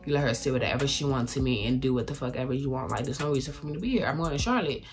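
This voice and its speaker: A woman's voice: a bass voice, rapid-fire. A young woman telling a personal story in candid, profane casual talk, acting out other people's lines. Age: young adult. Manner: candid, profane, quotes people in raised voices. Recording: music playing loudly behind.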